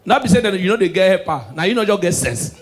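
A man with a Nigerian accent performing stand-up comedy, swinging between hushed asides and shouted punchlines. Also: high voice, very animated, fast talker.

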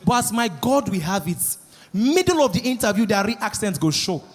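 A man with a Nigerian accent doing animated stand-up comedy, slipping into Pidgin and acting out quotes. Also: high voice, a little fast. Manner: animated, switching between Pidgin and acted quotes. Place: live comedy stage.

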